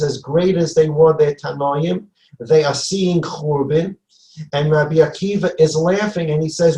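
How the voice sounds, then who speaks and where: A man's voice: mid-range voice, darkish tone, roomy sound, rough recording. A man giving a Torah class as a rabbi, emphatic, repeating phrases and acting out dialogue. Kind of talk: Torah lecture.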